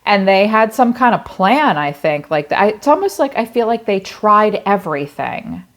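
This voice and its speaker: A woman's voice: mid-range voice, very animated, moderate pace. A woman giving a tarot reading in a blunt, casual way, swearing freely and thinking aloud as she talks. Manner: conversational, thinking aloud with many "like" fillers. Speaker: tarot reader.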